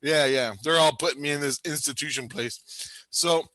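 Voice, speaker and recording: A man's voice: on the high side, moderate pace, pushed and bright, dry recording. Man telling a rambling, profane story. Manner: rambling, profane, laughs often. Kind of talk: casual storytelling chat.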